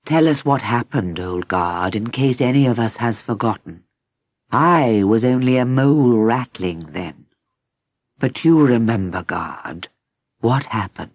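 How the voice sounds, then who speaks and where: A woman's voice: rumbling low, lively intonation, unhurried, no echo, pitched below the performer's own voice, heavily acted. A woman voicing a stern, sorrowful female mole rat queen in an audiobook. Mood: gently sorrowful. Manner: grave, stern, then soft and sad. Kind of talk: audiobook character reading.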